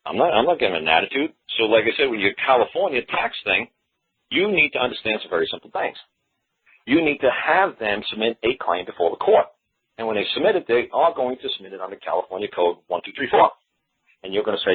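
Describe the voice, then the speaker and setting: A man's voice: fairly low pitch, very animated, fast talker, slightly rough. A man hosting a radio show, rambling in a folksy way and repeating himself as he explains. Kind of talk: casual talk radio monologue. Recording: tinny phone-line audio.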